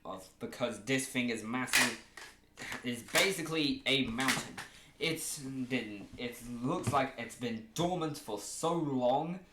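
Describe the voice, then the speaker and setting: A man's voice: mid-range voice, fairly bright tone. Rambling jokey man in an echoey room. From Oceania. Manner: rambling, jokey, self-correcting. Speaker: vlogger pitching a fan creature idea. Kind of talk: casual rambling chat to camera. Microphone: camera mic. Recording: echoey room with faint hiss.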